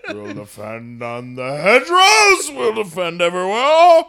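A man's voice: sits high, wildly swooping pitch, measured pace, pushed and bright, exaggerated voice. Man doing a drunk old British statesman, bellowing. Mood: drunk bluster. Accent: British English, put on.

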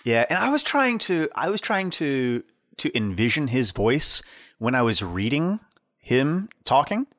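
A young man co-hosting a podcast, talking loosely and excitably, often laughing. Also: medium pitch, unhurried, dry recording, studio quality. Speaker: podcast co-host. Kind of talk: casual chat.

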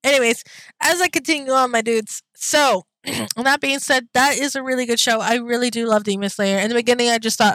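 A young woman vlogger talks in a loose, rambling way, full of slang and casual swearing. Her voice sits a little high, and the recording is dry with no room sound. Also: steady tone, brisk, fairly bright tone, no room sound, poor audio. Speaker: anime vlogger. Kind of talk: casual chat.

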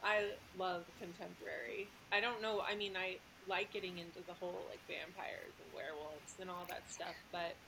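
A woman's voice: lowish voice, little pitch movement, moderate pace, hardly any pauses, background noise. Giggly chatty woman author. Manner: giggly, filler-heavy, rambling. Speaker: guest author. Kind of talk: casual podcast chat.

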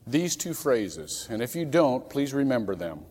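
A man preaching a sermon as a pastor, swinging from loud acted outbursts to soft, near-whispered pleas. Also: medium pitch, very animated, measured pace. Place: church sanctuary. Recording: long hall reverb from a church.

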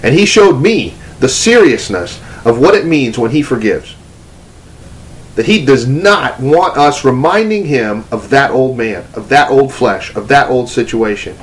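A preacher and ministry teacher gives a testimony-style teaching talk, telling a personal story loosely and conversationally with restarts and fillers. His mid-range voice is animated and his pace measured. The audio is poor, with slight background noise.

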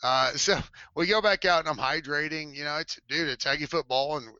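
Forty-something man, bright, lively storyteller, dull dry headset sound. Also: on the high side, a little fast, clean tone, dry recording. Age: 40s. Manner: animated, laughing, acts out quotes in shifting voices. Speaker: former cheerleader telling a story. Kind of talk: casual storytelling chat. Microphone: headset mic.

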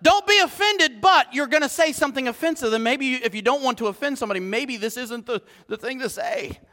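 A male pastor preaching a sermon, animated, moving from quiet asides to shouted emphasis. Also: very high-pitched, fast, long reverb tail.

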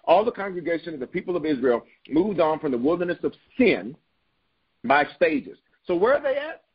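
A man's voice: high-pitched, slightly rough, dull audio. A man preaching a sermon as bishop, reading scripture aloud and repeating phrases for emphasis with call-and-response.

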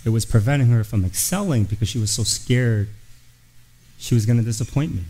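A man's voice: mid-range voice, a little fast, mellow, poor audio. A middle-aged man preaching a storytelling sermon, with a voice that sits in an ordinary middle register. He speaks earnestly and confessionally, and he brings the people in his story to life by acting out their lines. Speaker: guest pastor.

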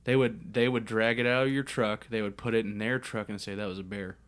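A man's voice: medium pitch, fairly even intonation, fairly quick, a bit bright, smooth. Crude, joking man co-hosting a podcast. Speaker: podcast co-host. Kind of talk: casual chat.

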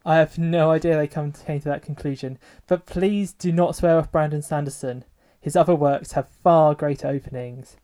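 A man with a warm, mellow voice co-hosts a podcast in casual chat. He is enthusiastic and likes to tease. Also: fairly high pitch, fairly even intonation, moderate pace. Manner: enthusiastic and teasing. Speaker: podcast co-host.

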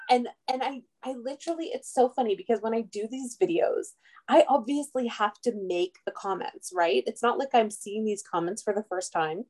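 A woman's voice: fairly high pitch, normal speed, darkish tone. A woman in her everyday speaking voice, talking as a podcast guest. She chats casually, laughs often, and leans on "um" and "literally.". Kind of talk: casual chat.

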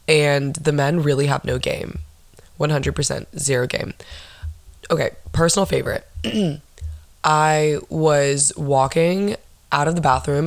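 A young woman in her twenties hosting a solo podcast, telling stories in a blunt, profane, animated way. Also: deep voice, no echo. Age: 20s. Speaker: podcast host. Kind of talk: casual solo chat.

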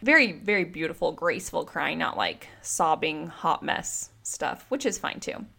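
A woman in her thirties hosting a relationship podcast, telling stories in a chatty, animated way and filling her talk with "like". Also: sits low, moderate pace, vocal fry, slightly rough. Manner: chatty, animated storytelling with frequent "like". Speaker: podcast host and relationship coach. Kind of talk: casual solo podcast monologue.

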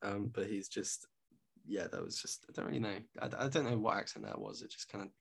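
Male podcast co-host, low-ish voice, hesitant rambling delivery with casual swearing. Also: fairly quick, gravelly, a bit bright, husky. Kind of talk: casual chat.

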